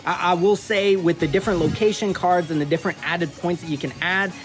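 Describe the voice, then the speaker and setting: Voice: mid-range voice, fairly even intonation, a little fast. A host casually reviewing a board game in an upbeat way, filling sentences with "kind of" as they explain the rules. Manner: upbeat, many "kind of" fillers. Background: background music.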